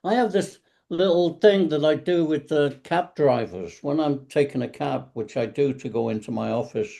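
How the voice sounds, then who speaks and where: On a video call during a casual online panel talk, a male tai chi and qigong teacher chats in a rambling, anecdotal way, acting out the lines of people he mentions, like cab drivers. His voice is fairly high, gravelly, and mellow, at normal speed.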